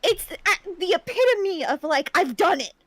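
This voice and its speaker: A woman's voice: very high voice, big pitch swings, moderate pace, dry recording. A woman joining a casual gaming stream over a headset, teasing and giggly. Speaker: co-player in a group stream. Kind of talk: casual group gaming chat.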